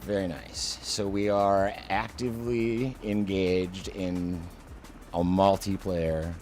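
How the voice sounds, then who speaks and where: A man's voice: sits low, steady tone, slow pace, darkish tone, faint music behind. A man hosting a flight simulator session, chatting with a co-pilot and explaining missions with enthusiasm. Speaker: flight sim channel host. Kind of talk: casual co-op flight sim chat.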